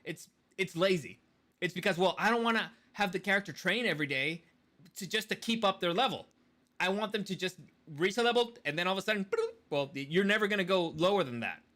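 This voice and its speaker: A man co-hosting a podcast who rants in casual chat and swears freely. His voice sits high, with a bright, forceful edge. He sounds fired up as he picks things apart. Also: brisk. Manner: animated ranting, swears a lot. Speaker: podcast co-host.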